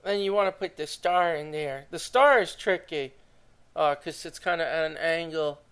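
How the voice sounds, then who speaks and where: Man, young adult, drawing tutorial host, chatty, enthusiastic, smooth voice, higher pitch. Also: moderate pace, fairly bright tone. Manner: enthusiastic, chatty, talks to viewers directly. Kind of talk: casual drawing tutorial narration.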